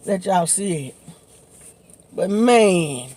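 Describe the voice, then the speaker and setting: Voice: mid-range voice, animated, extremely slow, a little mellow. A vlogger, chatting casually while eating on camera, laughing often and talking in loose, informal slang. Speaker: mukbang vlogger.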